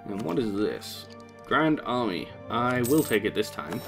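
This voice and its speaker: A man's voice: medium pitch, sing-song, unhurried, vocal fry, over music. A man casually commenting on a strategy game he is playing, wry and rambling with sarcastic asides. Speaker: let's play host.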